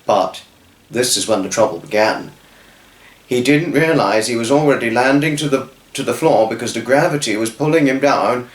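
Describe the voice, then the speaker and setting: A man telling a children's story off the cuff, halting and restarting his words. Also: medium pitch, roomy sound. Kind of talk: improvised storytelling.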